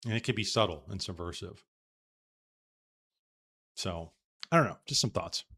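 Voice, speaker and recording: A man's voice: deep voice, normal speed, creaky, bright, forceful tone, husky. A man hosting a live podcast, thinking aloud in a casual, rambling way with frequent restarts. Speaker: podcast host. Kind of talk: casual live-stream commentary.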